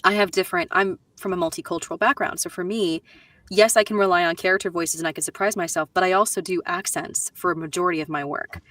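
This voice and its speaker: A woman's voice: lowish voice, fast talker, a bit bright, no echo. A woman voice actor on a panel, chatting casually and giving emphatic advice. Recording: dry sound, distant from mic.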